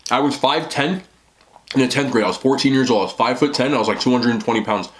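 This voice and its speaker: A man's voice: mid-range voice, quick pace, slight background noise. A young man who vlogs about eating, chatting casually as he eats on camera, often talking with a mouthful and rambling. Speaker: mukbang vlogger.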